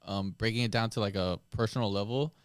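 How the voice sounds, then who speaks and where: A man's voice: lowish voice, quick pace, clean tone, no echo, studio quality. An American man in his thirties hosting a podcast, telling a story in laid-back, swear-heavy casual chat. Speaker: podcast host.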